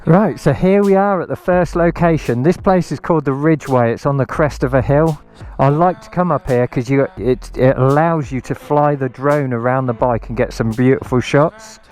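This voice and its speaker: A man's voice: mid-range voice, normal speed, few pauses, a little mellow, soft background music. A man giving a casual, enthusiastic motorbike review outdoors on a hilltop, rambling with many ums. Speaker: motorcycle vlogger.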